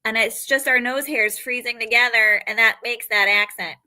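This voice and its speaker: Woman, 40s, from Western New York; bright, lively comic guest, jokey and talkative. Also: a little high. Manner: chatty, animated, quick to joke. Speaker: comedian guest. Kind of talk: casual interview chat.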